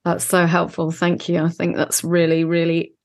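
A woman hosts a podcast interview in a fairly low voice, thanking her guest and drawing her points together. She speaks in a measured, affirming way. The recording is dry and close, with no room sound. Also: monotone, no room sound. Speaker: podcast host.

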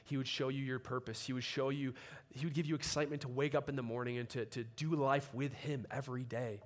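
A man preaching a sermon, telling stories in a relaxed conversational way and building to emphatic passages. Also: medium pitch, fast. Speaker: pastor.

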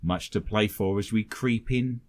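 A man's voice: on the low side, unhurried. A British man hosting a radio chat show, teasing his co-hosts with dry humour and reading out listener messages. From Britain.

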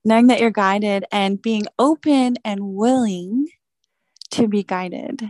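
A woman guest in a casual interview conversation, speaking in a halting, reflective way and warmly affirming her host. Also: medium pitch, dry recording. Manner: halting and reflective, many fillers and restarts, warm affirmations. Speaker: interview guest and business owner.

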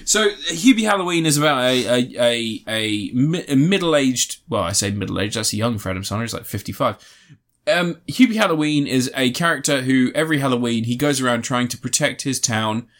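Male podcast host, mid pitch, sarcastic and sweary, casual comedic chat. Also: expressive, fairly quick, fairly bright tone. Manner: sarcastic, sweary, mock-earnest.

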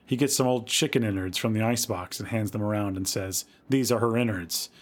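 A man's voice: on the low side, fairly quick, lightly acted. A man voicing an eager know-it-all child at a party who rattles off a list.

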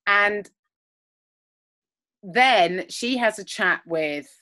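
A woman's voice: mid-range voice, lively intonation, extremely slow, bright, forceful tone. A woman co-hosting a podcast on a video call, rambling through an episode recap with lots of fillers. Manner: rambling, with many fillers and retellings of scenes. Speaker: podcast co-host. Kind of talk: casual chat recapping a TV episode. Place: home, recording remotely.

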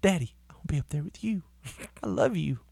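A high-pitched, wheedling little dog voice that begs to be loved and then turns to crude, gleeful mockery, put on by a man. The voice sits far above a grown man's speech, with a teasing, bratty edge. The sound is close and dry. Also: big pitch swings, brisk, gravelly, darkish tone, husky, dry recording, heavily acted. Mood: pleading. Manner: pleading sweetly, then taunting with curses. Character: cheeky, mocking pet dog, male.

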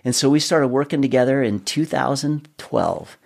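A middle-aged man telling his story in a casual interview, animated, often restarting and repeating his words. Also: medium pitch, moderate pace, gravelly. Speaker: guest.

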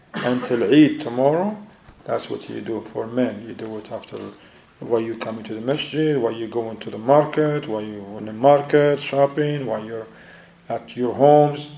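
A man's voice: medium pitch, moderate pace, creaky, warm tone, roomy sound. A man teaching a religious book study, explaining step by step, checking in with his listeners, and mixing Arabic phrases into non-native English. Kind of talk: religious lesson.

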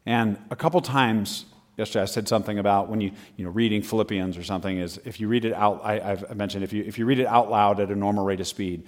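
A man preaching in an animated, conversational style, often laughing between his points. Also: lowish voice, fast talker. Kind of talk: humorous sermon.

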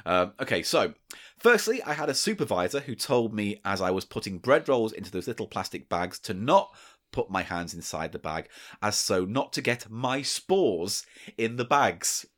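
A man's voice: fairly low pitch, sing-song, normal speed, a bit bright. A man co-hosting a comedy podcast, bantering crudely and laughing often. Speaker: podcast co-host. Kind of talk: casual comedy podcast chat.

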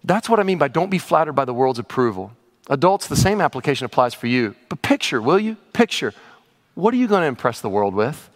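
A man's voice: mid-range voice, big pitch swings, brisk. A man pastor preaching a sermon in a conversational way with sudden exclamations, heard in a large church hall. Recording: reverberant hall.

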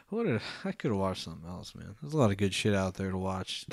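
A man's voice: sits low, big pitch swings, normal speed, creaky, dry recording, clean studio sound. A young man co-hosting a podcast, rambling through a film review with lots of fillers and casual swearing. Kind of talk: casual profane chat.

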